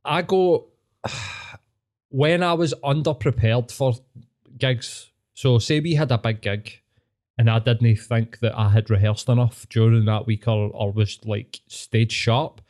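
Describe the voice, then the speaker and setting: Swearing Scottish man, mid pitch. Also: unhurried, darkish tone. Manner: swearing, reflective, calls everyone mate. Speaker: podcast co-host. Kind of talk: casual podcast chat.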